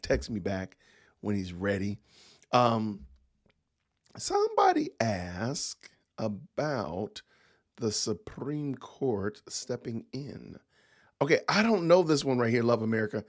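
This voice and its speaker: A man's voice: mid-range voice, wildly swooping pitch, measured pace. A middle-aged man hosting a podcast livestream, rambling in casual commentary and talking straight to his chat. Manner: rambling, talks to chat directly. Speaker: podcast host reacting to news clips.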